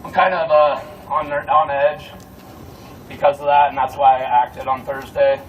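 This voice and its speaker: A man's voice: mid-range voice, level tone, unhurried, dull audio. A man giving a heated, profane rallying speech as protest security, outdoors on a street at night. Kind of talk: fired-up street speech to a crowd. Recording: distant mic with street noise.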